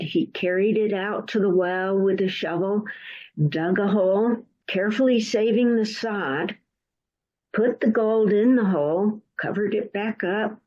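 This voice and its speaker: Woman storyteller, unhurried folktale telling, dull lo-fi video call sound. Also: medium pitch, darkish tone. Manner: measured, deliberate telling.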